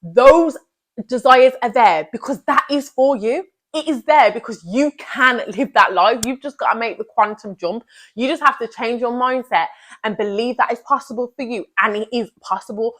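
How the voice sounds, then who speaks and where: A woman's voice: fairly high pitch, normal speed, fairly bright tone. Earnest young woman vlogger. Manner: earnest and emphatic, repeats key phrases. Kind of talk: motivational talk to camera.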